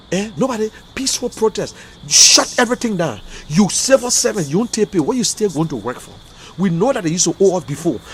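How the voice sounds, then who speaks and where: Man, Liberian accent, emotional political commentary, repetitive, high voice, faint background noise. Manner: emotional, repetitive, rising and falling intensity. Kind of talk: impassioned political rant. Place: in America.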